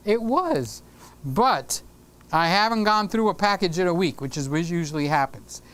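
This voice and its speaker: A man's voice: sits high, expressive, normal speed, fairly bright tone, clear, resonant tone. A middle-aged man hosting a live stream, chatting casually and teasing viewers by name as he reads their comments. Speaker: livestream host.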